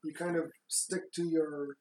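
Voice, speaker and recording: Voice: medium pitch, flat delivery, a little slow, mellow. A co-host plainly summarizing a movie plot in casual chat, with fillers and restarts. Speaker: podcast co-host. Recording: roomy echo.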